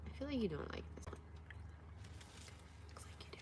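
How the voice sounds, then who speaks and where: A van-life vlogger in her thirties whispers fairly quickly in a slightly mellow voice. Her casual vlog chat is rambling and candid, broken up by cooing baby talk to her dogs between stories.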